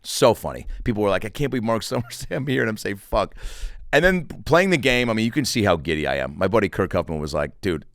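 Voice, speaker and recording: A man's voice: lowish voice, fairly bright tone, clear, resonant tone, no echo. A man hosting his podcast, telling a story in a casual way, acting out quoted voices and swearing freely. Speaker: podcast host. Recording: dry studio with faint music.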